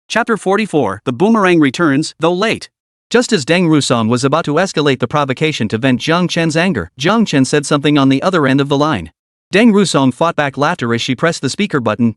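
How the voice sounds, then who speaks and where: A man's voice: on the high side, expressive, fairly quick, no room sound, studio quality. A man giving scripted, dramatic narration of a comic recap. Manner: dramatic storytelling.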